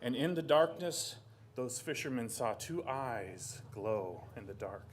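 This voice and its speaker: Male storyteller, young adult, from southeast Alaska, animated, throws in sound effects. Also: mid-range voice, takes it slowly. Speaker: storyteller and artist. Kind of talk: oral storytelling.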